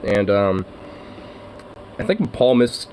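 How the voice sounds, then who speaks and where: A man's voice: on the low side, expressive, takes it slowly, a little mellow, slight background noise. A man chatting casually on his own vlog, rambling and swearing, with laughs and lots of fillers. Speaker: vlogger.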